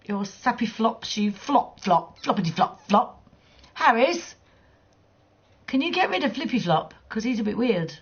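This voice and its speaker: A woman chats and teases her viewers while gaming, blunt and quick to swear. Her voice is husky and breathy, with a gravelly edge. The sound is dull and lo-fi, like a cheap stream mic. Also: fairly high pitch, expressive. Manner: blunt, teasing, swears freely, laughs often. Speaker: livestreamer. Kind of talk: casual chat while gaming.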